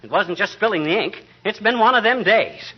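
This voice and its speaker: A blustering, quick-tempered husband in a 1940s radio comedy, who sputters mock-oaths in a high, lively voice. He comes through a muffled, old broadcast recording with a soft hiss behind him. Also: slightly rough. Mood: grumbling rant. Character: blustering, hot-tempered small-town husband.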